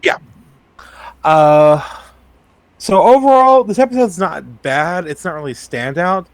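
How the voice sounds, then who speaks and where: A man co-hosting a podcast, sharing episode trivia and opinions in relaxed, filler-heavy commentary. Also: a little high, takes it slowly, no room sound. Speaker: podcast co-host. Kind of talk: casual podcast chat.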